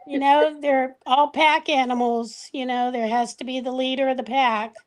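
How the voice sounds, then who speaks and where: A woman's voice: high-pitched, steady tone, moderate pace. An older woman hosting a casual live chat stream, chatty and teasing, laughing often.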